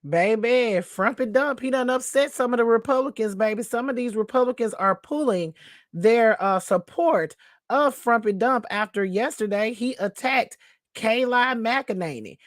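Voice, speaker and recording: A woman's voice: fairly high pitch, moderate pace, no room sound, studio quality. A woman hosting a sassy news commentary show, who calls her listeners baby and honey, repeats a catchphrase and laughs between remarks.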